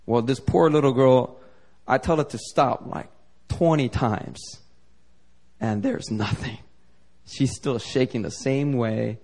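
A man's voice: mid-range voice, slow, pauses often, a little mellow. A man preaching as a pastor at a church service, telling a story loosely, with lots of "like" and "you know". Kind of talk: sermon storytelling.

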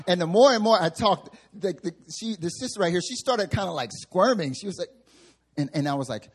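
A man's voice: high voice, lively intonation, fairly quick, husky. A male pastor giving a sermon in a church sanctuary, telling humorous, self-mocking stories.

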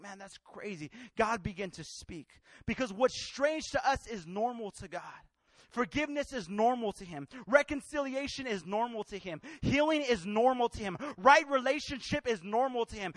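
A high-pitched young man preaches a sermon in a close, dry sound. He acts out the people in his story, dropping to near whispers and then rising to shouts. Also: no echo. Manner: swings from hushed to loud, acts out voices.

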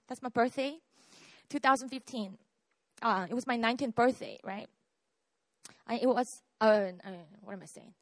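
A woman's voice: on the high side, no echo. A woman, preaching a conversational sermon about her own faith and checking in with the listeners. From South Korea. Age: 30s. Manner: conversational, often asks "right?" and "okay?". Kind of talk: sermon with personal testimony.

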